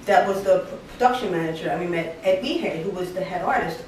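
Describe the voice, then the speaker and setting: Talking fast in a fairly low voice, a Puerto Rican woman in her forties, whose family is Puerto Rican, tells a comic story on stage and animatedly acts out the voices in it. The mic sits at a distance in an echoey room, with slight background noise.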